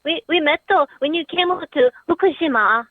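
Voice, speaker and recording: A woman's voice: high-pitched, lively intonation, normal speed, no echo. A woman voicing a young female caller in a put-on Japanese accent, stammering in broken English over a dull phone line. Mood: pleading.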